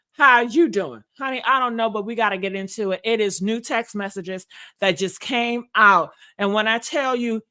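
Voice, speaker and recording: Sassy high bright-voiced woman gossiping. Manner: sassy, dramatic, laughs often, addresses viewers as honey and y'all. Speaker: gossip show host. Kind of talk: casual gossip commentary.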